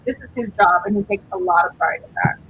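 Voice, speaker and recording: A woman, a small business owner, chatting as a guest in a relaxed, laid-back way. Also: mid-range voice, fast, husky, rough recording. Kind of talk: casual interview chat.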